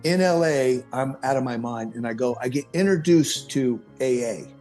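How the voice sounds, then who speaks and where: Middle-aged male guest, rambling storyteller, animated with self-corrections, average pitch, faint music behind. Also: normal speed. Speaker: podcast guest. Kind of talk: personal storytelling.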